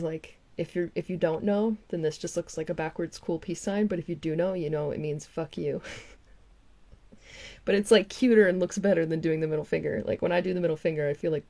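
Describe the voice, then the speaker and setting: A woman's voice: deep voice, gravelly, mellow. A young woman giving casual, mocking commentary on online videos. She swears freely and laughs often.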